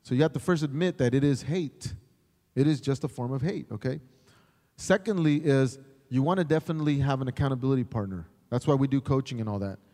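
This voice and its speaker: A middle-aged man, a chaplain, teaching in a sermon style, animated, acting out the voices he quotes. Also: mid-range voice, fairly quick, long reverb tail. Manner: animated, acts out quoted voices, repeats words when starting. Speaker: chaplain and pastor.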